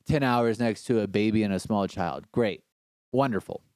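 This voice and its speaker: A man telling a story as a podcast guest, animated and slangy, swearing freely. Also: on the low side, normal speed, clean tone, no echo. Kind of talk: casual storytelling.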